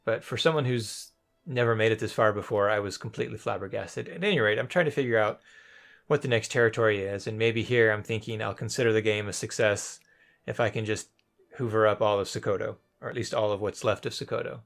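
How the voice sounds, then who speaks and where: A man's voice: fairly low pitch, a little fast, vocal fry, a bit bright. A young man casually commentating his own gameplay after the fact, thinking aloud in a rambling, hesitant way with many restarts. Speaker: let's play commentator.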